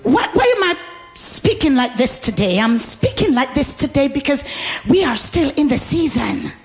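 A woman preacher delivering an exuberant sermon, often shouting, laughing and calling for responses from the congregation. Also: sits high, sing-song, normal speed, gravelly, soft background music.

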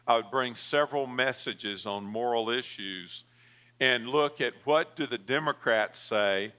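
A man's voice: mid-range voice, pushed and bright. A male pastor delivering a sermon, telling a story with frequent fillers and calling for an amen.

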